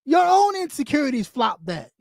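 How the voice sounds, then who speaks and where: A woman's voice: high-pitched, sing-song, moderate pace, vocal fry, darkish tone, dry recording, studio quality. A woman hosting a live stream, talking bluntly and profanely as she scolds her audience and repeats lines for emphasis. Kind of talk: ranting live stream commentary.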